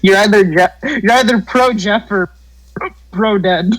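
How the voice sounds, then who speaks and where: Man, high-pitched voice, casual podcast banter, halting, lots of "uh", swears. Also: fairly bright tone, low-quality recording. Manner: hesitant, many fillers, swears casually. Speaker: podcast co-host. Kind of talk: casual chat among friends.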